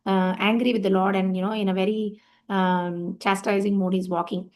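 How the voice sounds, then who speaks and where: A woman in a devotional talk tells a story in a loose, conversational manner. She uses frequent fillers and restarts. Her voice sits at a middle pitch for a woman. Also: flat delivery, normal speed, a little mellow. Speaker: devotional speaker.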